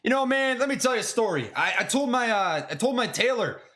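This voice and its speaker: A man putting on an easygoing male TV host who leans into telling a story, friendly and relaxed, his voice raised well above normal and bright. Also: extremely high pitch, fairly quick, pitched above the performer's own voice, full character voice. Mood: amused.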